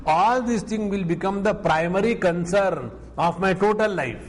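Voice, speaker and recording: A man with an Indian English accent, a spiritual teacher giving an unhurried scripture discourse, mixing in stories and Sanskrit verses. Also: sits high, poor audio.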